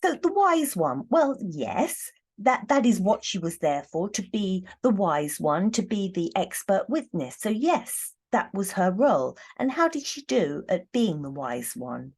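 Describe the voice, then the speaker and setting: A woman reading tarot cards in a casual, thoughtful monologue, pausing often and restarting her sentences. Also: medium pitch, very animated, a little mellow, slightly rough. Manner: thoughtful, hesitant, many ums and restarts. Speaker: tarot reader.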